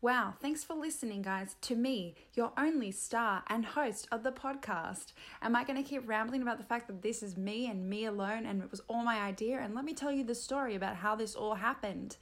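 Solo on her comedy podcast, this Australian host wanders from topic to topic with playful self-mockery. She speaks a little fast in a voice on the high side, barely pausing.

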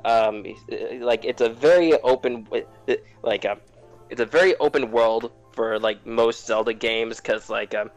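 A man chatting loosely on a gaming podcast, his thoughts spilling out in long, meandering runs packed with fillers and curse words. His voice sits at an ordinary middle pitch over a call connection. Soft music plays faintly underneath. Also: steady tone, measured pace. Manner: rambling, heavy on fillers and swearing. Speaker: podcast co-host. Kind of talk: casual gaming chat.

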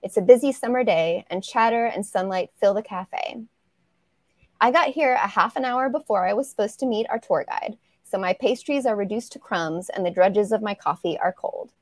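A woman's voice: medium pitch, normal speed, no room sound. Woman author reading her novel aloud. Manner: casual, laughs easily between lines. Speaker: romance author, guest.

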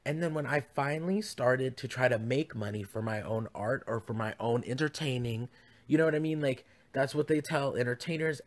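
A man's voice: mid-range voice, moderate pace. Campy, chatty young man podcasting. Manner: chatty, campy, rambling asides. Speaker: podcast host. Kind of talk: casual chat. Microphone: podcast mic.

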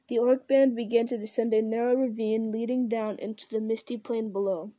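A woman reads a fantasy story aloud in a steady, measured manner. Her voice is a little high yet mellow. The recording is close and dry. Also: dry recording. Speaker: audiobook reader. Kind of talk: storybook narration.

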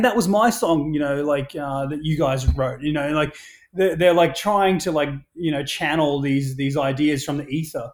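A man telling stories in a casual podcast chat, energetic, swearing freely and restarting often. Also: on the high side.

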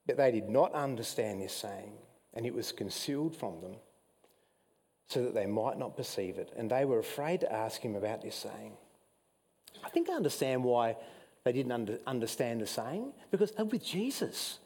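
An Australian man preaching a sermon as pastor, telling Bible stories with mounting excitement and some emotion. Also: moderate pace, husky, long reverb tail. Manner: animated storytelling preacher, rising pitch when excited, admits getting emotional. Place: church hall.

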